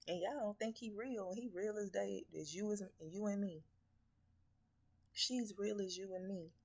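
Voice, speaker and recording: A woman's voice: medium pitch, measured pace, darkish tone. A woman spiritual reader delivering a blunt, profane, scolding message that is full of rhetorical questions. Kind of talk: blunt preaching message to viewers.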